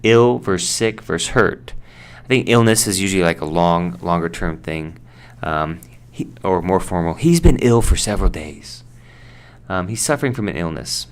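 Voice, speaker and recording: An American man teaching English vocabulary in a relaxed, chatty way, with fillers and asides. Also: deep voice, normal speed, few pauses, smooth. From United States. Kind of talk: casual explanation.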